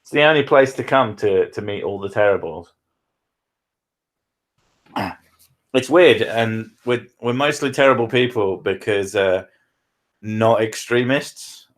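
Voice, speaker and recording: A southern English man with a low voice, hosting a stream in casual, joking, sweary banter. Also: a little slow, long pauses. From southern England. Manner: swearing, self-mocking, joking. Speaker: streamer, show host.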